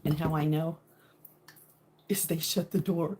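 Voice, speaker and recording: A woman's voice: low-pitched, steady tone, a little slow, a little hiss or hum. Chatty middle-aged woman hosting a livestream. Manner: chatty, laughs often, drops to hushed talk at times. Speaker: livestream host. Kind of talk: casual livestream chat with viewers.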